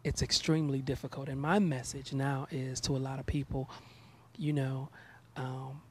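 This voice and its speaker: A man in his thirties, a gospel artist talking in a casual interview, animated and preachy, often repeating words as he starts sentences. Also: medium pitch, a little slow, slight background noise.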